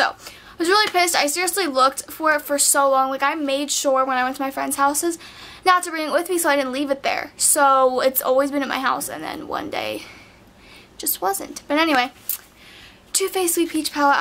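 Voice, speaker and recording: A woman's voice: high-pitched, pushed and bright, slight background noise. A teenage girl chatting casually through a makeup haul, gushing and filling her talk with "like" as she goes. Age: teens. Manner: chatty, gushing, heavy on "like" fillers. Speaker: beauty vlogger. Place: bedroom at night.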